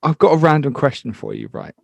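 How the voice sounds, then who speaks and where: A male musician guest in casual chat, relaxed and casually profane. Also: a little high, fast, vocal fry, slightly rough, no echo. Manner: laid-back, swears casually.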